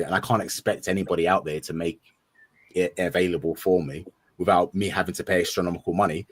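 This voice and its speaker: Guest, man, slightly low pitch, loose rambling earnest delivery. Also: slightly rough, no echo. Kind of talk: casual chat on a live stream show.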